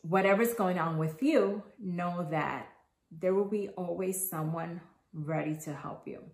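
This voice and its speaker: A woman's voice: lowish voice, unhurried, darkish tone. A woman in her thirties hosting a podcast, speaking candidly and earnestly about her own experience. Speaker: podcast host. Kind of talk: personal podcast monologue. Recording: echoey room.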